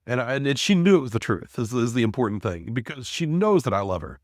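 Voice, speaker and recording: A man in his forties tells a story at a medium pitch, circling back with fillers and false starts. His voice sounds dry and close, with no room behind it. He talks like a business owner chatting on a podcast. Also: sing-song, quick pace, dry recording. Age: 40s. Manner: rambling, frequent restarts and fillers. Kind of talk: casual storytelling.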